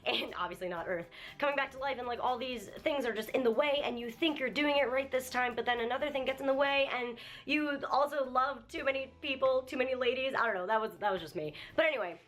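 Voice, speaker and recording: A young woman vlogger giving an emotional, animated anime review rant, swearing freely. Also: sits high, fast talker, hardly any pauses. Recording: faint music behind.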